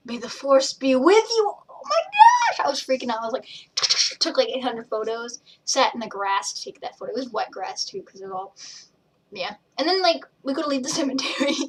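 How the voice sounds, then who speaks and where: A young woman with a fairly high voice rambles through a casual vlog, skipping from one tangent to another and acting out little quotes. She sits a bit back from the mic, so the voice sounds slightly distant. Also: slight background noise. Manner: rambling, jumps between tangents, acts out quotes. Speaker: vlogger and page admin. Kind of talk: casual rambling chat to camera.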